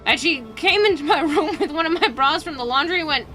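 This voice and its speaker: A young adult woman livestreams while working on a cosplay, chatting casually, telling stories, laughing and swearing freely. Her high-pitched voice is expressive, brisk, pushed and bright, with music playing behind her.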